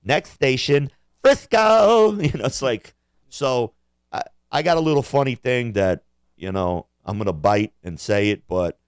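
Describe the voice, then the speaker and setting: A man's voice: fairly low pitch, moderate pace, clean tone, no room sound, studio quality. A man co-hosting a podcast, rambling through crude jokes and profane rants in casual chat. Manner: rambling, profane, jokey impressions. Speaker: podcast co-host.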